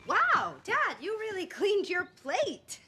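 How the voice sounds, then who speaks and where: An actress playing an anxious, bossy young wife who frets and scolds in quick bursts. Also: female voice, very high-pitched, very animated, very noisy, exaggerated voice. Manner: rapid, fretting, scolding. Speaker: wife and mother.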